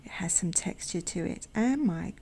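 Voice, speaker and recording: A woman hosting a watercolor channel, chatting gently as she paints swatches, sometimes dropping to a soft near-whisper and making self-deprecating asides. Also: lowish voice, lively intonation, normal speed, breathy edge. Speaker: watercolor artist and channel host. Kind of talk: casual narration while painting swatches.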